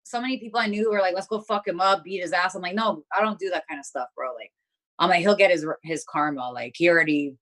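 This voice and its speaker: Young woman guest, a bit low-pitched, blunt and profane, casual chat. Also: quick pace, a bit bright. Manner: blunt, profane storytelling, heavy filler words. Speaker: interview guest.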